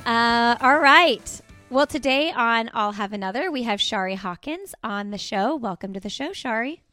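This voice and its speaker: A woman's voice: fairly high pitch, expressive, normal speed, sharp tone, faint music behind. A woman hosting a podcast, chatty and upbeat as she introduces a guest and interviews her. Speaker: podcast host.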